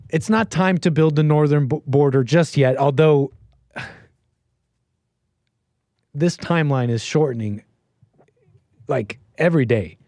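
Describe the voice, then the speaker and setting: A man hosting a call-in stream in a loose, meandering way, often stopping mid-sentence to hunt for the right word. His voice sits a little high for a man. The sound is dry and close, with no room behind it. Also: warm tone, dry recording. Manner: meandering, searching for words. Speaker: call-in show host. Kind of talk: casual call-in talk.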